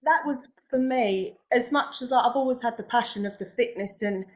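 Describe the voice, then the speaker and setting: A woman's voice: fairly high pitch, normal speed. A young woman, a podcast guest speaking enthusiastically in casual chat with many fillers. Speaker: guest, massage therapist.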